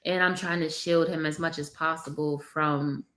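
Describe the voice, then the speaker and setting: This mother of three speaks in a low, fairly bright voice at normal speed, her intonation mostly even. Holding her baby on her lap at home, she confides in her vlog audience, tearful and on the verge of crying.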